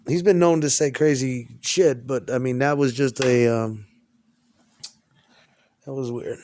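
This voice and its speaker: A man's voice: mid-range voice, unhurried, long pauses, darkish tone. A man at home, talking in a rambling, profane, stream-of-consciousness monologue.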